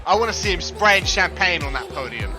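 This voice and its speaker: A man giving excitable, jokey live wrestling commentary who bursts into big ring introductions. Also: high-pitched, brisk, over music, poor audio.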